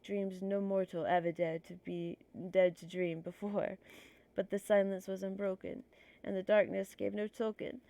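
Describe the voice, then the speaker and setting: A woman's voice: on the low side, creaky, dark tone. A woman streamer with a stuffy nose reading poetry aloud on a livestream, nervous and self-conscious, apologizing for her slips.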